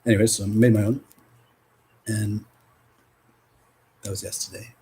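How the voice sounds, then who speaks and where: A man in a casual spiritual vlog, reading oracle cards aloud, rambling and swearing, with loud and soft stretches. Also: lowish voice, little pitch movement, normal speed, slightly rough, low-quality recording. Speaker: spiritual card reader.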